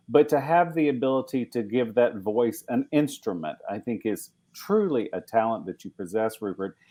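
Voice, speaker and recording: A man hosting an interview podcast who puts his questions earnestly and openly admires his guest's work. His voice sits at an ordinary middle pitch. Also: darkish tone. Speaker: podcast host. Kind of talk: interview conversation.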